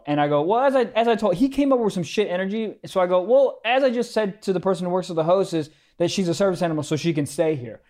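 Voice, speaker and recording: A man telling a story in casual chat, animated and profane, acting out both sides of the argument. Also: high voice, fast talker, few pauses. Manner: animated, profane, quotes people in acted-out dialogue.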